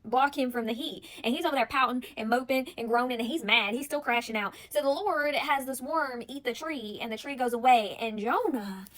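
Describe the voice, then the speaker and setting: A woman retelling a bible story in a chatty, animated way, with casual storytelling and lots of "like". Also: on the high side, a little fast, few pauses. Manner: chatty and animated, heavy use of "like". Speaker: bible study vlogger.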